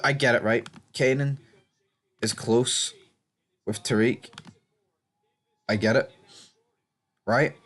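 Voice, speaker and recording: A man's voice: mid-range voice, steady tone, slow, pauses often, fairly bright tone. A man casually recapping TV episodes, blunt and rambling, swearing freely and restarting sentences. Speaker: TV show reviewer.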